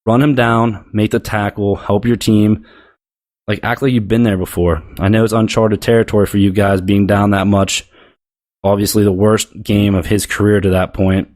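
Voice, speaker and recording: A man's voice: lowish voice, flat delivery, moderate pace, darkish tone. A man hosting a sports show, delivering a blunt, profane, heated rant about football. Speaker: sports podcast host.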